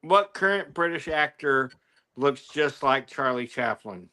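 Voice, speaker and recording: Bright-voiced playful man. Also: mid-range voice, lively intonation, a little slow. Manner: playful, puts on silly accents. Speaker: podcast co-host. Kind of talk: casual chat.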